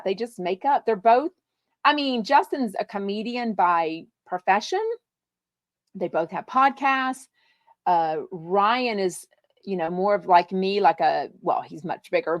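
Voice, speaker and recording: A woman's voice: medium pitch, dry recording, muffled recording. A woman from Texas, hosting a live podcast, chatting casually and reading out viewer comments in a bubbly, gushing way with lots of fillers. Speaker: podcast host.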